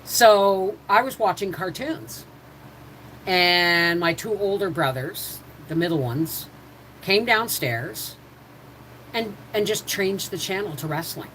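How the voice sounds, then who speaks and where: A middle-aged woman hosts a homestead livestream from home, telling stories that wander between topics and loop back, often restarting and speaking straight to her viewers. Her medium-pitched voice is slow, a bit bright and lively in intonation. The low-quality recording carries slight background noise.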